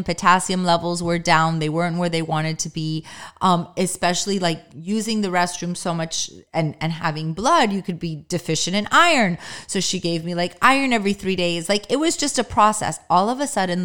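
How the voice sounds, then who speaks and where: A woman's voice: lowish voice, fairly bright tone. A middle-aged woman hosting her own podcast, talking candidly and emotionally in a chatty way, full of "like" and "um". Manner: emotional, close to tears at times. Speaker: podcast host. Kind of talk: personal podcast monologue.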